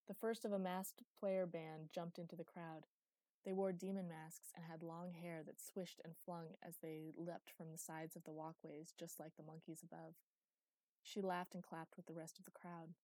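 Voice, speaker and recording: A young woman reading a story aloud in an even, unhurried narration. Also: on the low side, dry recording. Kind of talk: audiobook narration.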